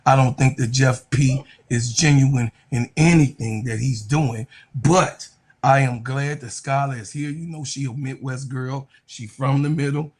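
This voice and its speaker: Husky guy ranting casual about sports, blunt and cussing, trips over words. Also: medium pitch, steady tone, unhurried, darkish tone. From Chicago. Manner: blunt, profane, talks over himself. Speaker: co-host.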